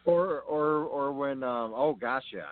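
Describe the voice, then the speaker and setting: A man's voice: medium pitch, takes it slowly, no echo. A man co-hosting a wrestling podcast, chatting casually with many ums and restarts. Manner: hesitant, filler-heavy. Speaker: podcast co-host. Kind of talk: casual chat. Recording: tinny phone-line call-in audio.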